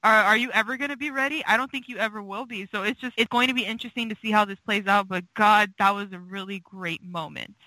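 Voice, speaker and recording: A woman's voice: mid-range voice, fast talker, few pauses, bright, forceful tone, dry recording, rough recording. A woman co-hosting a fan podcast, talking casually and emotionally with many fillers. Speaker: podcast co-host.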